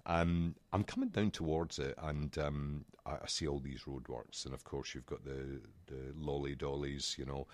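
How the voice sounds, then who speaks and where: A man's voice: rumbling low, normal speed, few pauses, no room sound. A man co-hosting a podcast, telling a story in a casual chat and acting out the other people's voices. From United Kingdom. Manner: animated, acts out quoted voices. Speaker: podcast co-host. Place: small room at a desk.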